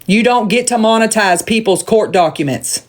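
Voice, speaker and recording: A woman's voice: mid-range voice, moderate pace. Blunt, profane Southern woman ranting. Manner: profane, blunt, repeats points for emphasis. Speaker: livestreamer. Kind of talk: heated livestream rant.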